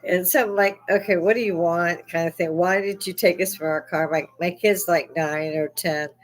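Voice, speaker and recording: Woman, middle-aged, fairly low voice, casual storytelling, blunt, profane, laughs a lot. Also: fairly even intonation, moderate pace, rough recording. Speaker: podcast host.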